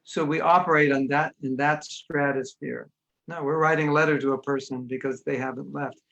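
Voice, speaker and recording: Through a muffled recording, a slightly high-pitched American man with vocal fry speaks a little fast, giving an online spiritual class over a video call. The lecture is informal, conversational, and lively, and he acts out other people's voices.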